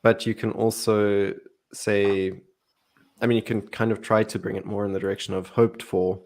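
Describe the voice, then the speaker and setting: A man explaining Greek grammar in a relaxed Bible study chat, playful and laughing often. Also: on the low side, moderate pace.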